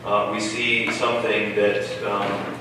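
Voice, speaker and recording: A man preaching a sermon, in a measured style that builds in intensity when he reads scripture aloud. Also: lowish voice, level tone, background noise. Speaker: pastor. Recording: echoey hall from a distance.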